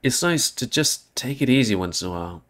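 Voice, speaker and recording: A man's voice: medium pitch, expressive, a little fast, a bit bright. A man hosting a let's play, talking in a slangy, laid-back way and sounding tired. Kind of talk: casual gaming commentary.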